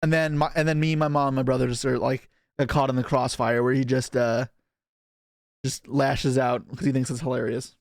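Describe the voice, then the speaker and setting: A man's voice: medium pitch, level tone, moderate pace, vocal fry, dry recording, studio quality. A young man from Canada chatting casually on a live stream, rambling and self-deprecating as he reacts to chat.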